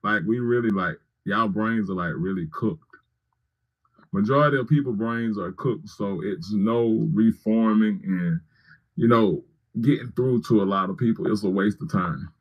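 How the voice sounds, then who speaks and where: Speaking a little slowly in a lowish voice, with the high frequencies cut off, a man argues politics heatedly on his livestream. He names viewers as he disputes them and keeps restating the same phrases.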